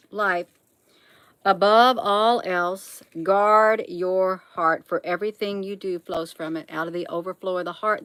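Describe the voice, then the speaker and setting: A middle-aged woman hosts a casual livestream, reading proverbs aloud and chatting folksily with viewers she calls honey. Her voice is mid-range with a fairly bright tone. The audio is poor, with no room sound.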